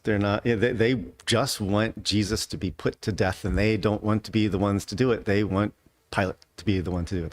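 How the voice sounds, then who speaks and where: A man's voice: fairly low pitch, no echo. A man teaching an adult Sunday school class in a conversational way, often checking in with his listeners with a rhetorical question. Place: church classroom.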